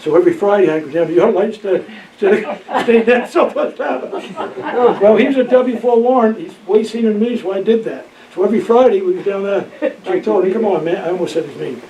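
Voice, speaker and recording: Older man, high voice and mellow tone, tells folksy stories, recorded distant in a roomy, dull room. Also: quick pace, a little hiss or hum. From Maine, USA. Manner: rambling, folksy, laughs often, many "you know"s. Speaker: interviewee, retired Coast Guard keeper. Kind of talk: storytelling oral history. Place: library room.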